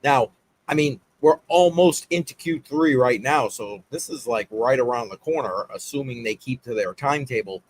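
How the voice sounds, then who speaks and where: A man hosting a casual livestream, giving upbeat shout-outs to chat with lots of fillers. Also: mid-range voice, moderate pace. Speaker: livestream host.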